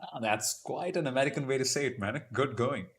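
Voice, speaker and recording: With a mid-range voice and a slightly quick delivery, a man runs a casual Q&A on his YouTube live stream. He reads viewer comments out loud and replies chattily, poking fun at himself.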